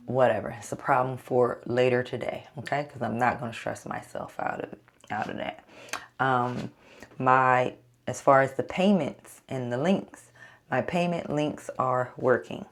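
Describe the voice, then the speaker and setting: A woman's voice: a bass voice, fairly even intonation, unhurried. A photographer talking to her audience in a casual solo vlog, blunt and self-coaching, swearing freely as she pushes herself on. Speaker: photographer and podcaster.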